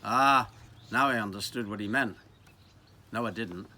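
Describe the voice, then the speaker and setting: A man in his seventies with a Liverpool accent, telling reminiscences in a wry, animated way. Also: fairly low pitch, normal speed, a little hiss or hum. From Liverpool, England. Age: 70s. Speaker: storyteller. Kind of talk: reminiscing narration.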